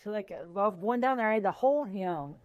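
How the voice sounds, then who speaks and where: Smooth, dry voice rambling casually. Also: mid-range voice, expressive, dry recording, highs cut off. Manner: rambling, halting casual speech. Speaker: tabletop game player. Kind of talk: casual chat.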